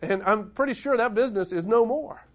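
A man's voice: sits high, a little fast. A middle-aged man, preaching a sermon to his congregation, building up to emphatic points and putting questions to them. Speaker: pastor.

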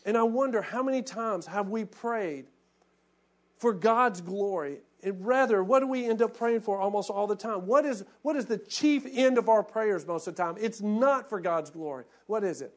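High-voiced impassioned male preacher. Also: normal speed. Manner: impassioned, acts out quoted prayers, drops to hushed tones. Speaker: pastor. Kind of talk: sermon.

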